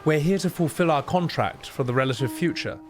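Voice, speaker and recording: A man voicing a stern, businesslike female doctor in his own lowish voice during a video game playthrough, firm and matter-of-fact. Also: brisk, lightly acted. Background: game music.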